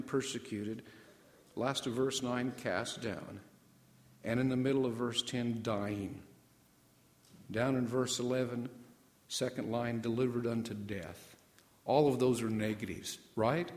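A male pastor preaching a sermon, stopping often to put questions to the congregation and slowing down to stress key words. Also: mid-range voice. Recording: echoey hall, voice from off mic.

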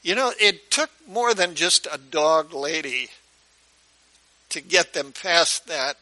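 A man's voice: a little high, expressive, takes it slowly, bright, forceful tone, low-quality recording. A male pastor preaching a sermon in a conversational storytelling way, often putting questions to his listeners.

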